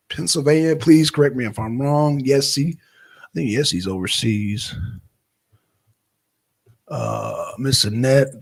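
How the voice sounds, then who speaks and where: Male livestream host, husky and casual, rambling chat with viewers. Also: medium pitch. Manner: rambling, loose and talkative, shouting out viewers in chat. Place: Atlanta, Georgia.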